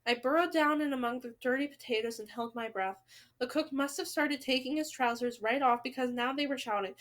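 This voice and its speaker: A woman with a high voice reads a novel aloud, stopping often for big dramatic reactions and exclamations. Her reading is lively and expressive throughout. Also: a little fast. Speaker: book reader.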